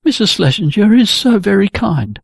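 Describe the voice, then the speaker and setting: A weary, shy young woman speaks softly and hesitantly, her voice lifted high, as a male reader puts her on. The delivery is gravelly and a little husky, recorded close and dry. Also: big pitch swings, moderate pace, dry recording, full character voice. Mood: gently evasive.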